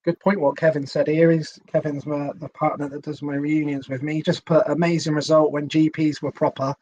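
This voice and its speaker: A man's voice: a little high, little pitch movement, fairly quick, darkish tone, a little hiss or hum. A man hosting a live interview, chatting and reading out viewers' comments and questions to his guest. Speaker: host.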